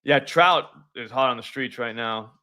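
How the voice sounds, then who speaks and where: A man's voice: mid-range voice, measured pace, bright, forceful tone. A man hosting a live sports betting stream, chatting loosely and profanely with viewers. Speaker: sports betting show host. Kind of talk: casual live-stream chat.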